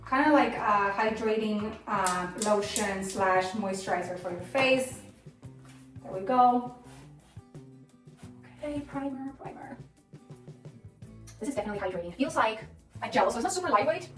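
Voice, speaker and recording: Woman vlogger, chatty and self-mocking, fairly high voice, echoey off-mic sound. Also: distant mic. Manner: chatty, excitable, self-deprecating. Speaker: beauty vlogger. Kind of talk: casual product review. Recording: roomy echo, off-mic, faint music.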